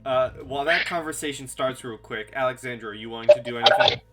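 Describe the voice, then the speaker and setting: A man narrating as game master of a tabletop game, halting and full of fillers. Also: medium pitch, over music.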